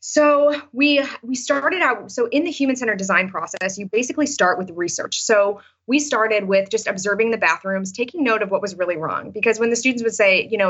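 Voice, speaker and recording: Chatty bright-voiced woman teacher. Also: medium pitch, fairly quick, few pauses, slightly rough, lo-fi sound. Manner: chatty, many fillers and restarts. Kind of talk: interview answers, storytelling.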